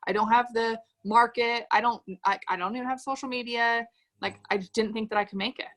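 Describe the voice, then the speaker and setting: A woman's voice: a little high, steady tone, a little fast, fairly bright tone. A woman leading a sales team on a livestream, giving an upbeat motivational talk and reading comments from the chat aloud. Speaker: direct-sales team leader.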